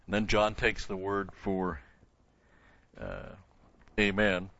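Teaching a Bible lesson verse by verse, a man with a lowish yet bright and forceful voice asks the class questions and then answers them himself. He takes it slowly, repeats key words for emphasis and has some vocal fry. The recording sounds dull and lo-fi.

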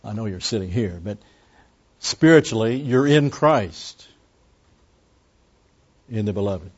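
A man's voice: lowish voice, animated, slow, husky, dull audio. A man preaching an expository sermon in a conversational way, with frequent asides and restarts. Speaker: pastor.

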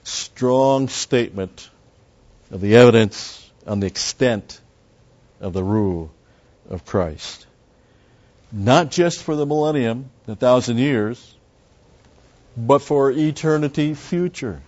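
A man's voice: mid-range voice, animated, slow, long pauses, a little mellow. A man teaching through a Bible passage verse by verse, in a conversational way that explains each word and adds asides. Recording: dull lo-fi sound.

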